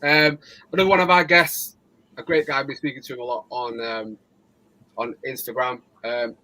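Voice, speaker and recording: A man from Manchester with a Mancunian accent hosts a casual live chat show. He talks in an easy, chatty way at a middle pitch, laughs often, and keeps tripping over and restarting his words. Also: level tone, normal speed, bright, forceful tone, poor audio. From Manchester, England. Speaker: host.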